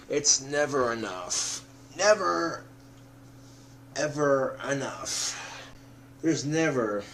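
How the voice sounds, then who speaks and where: A drunk man rambling to the camera, swearing often and breaking into loud outbursts. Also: medium pitch, a little hiss or hum. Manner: profane, swings into loud outbursts.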